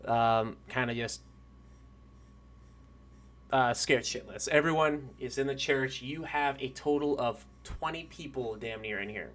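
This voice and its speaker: A man's voice: medium pitch, a little slow, fairly bright tone. Casual rambling male game master. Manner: casual and rambling, many fillers and restarts, swears freely. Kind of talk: narrating a tabletop game.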